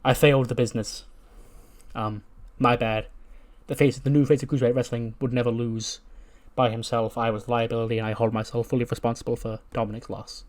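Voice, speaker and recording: A man's voice: mid-range voice, brisk, natural voice. A man doing a meek apologetic sidekick. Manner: flat, apologetic. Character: meek self-blaming male wrestler sidekick.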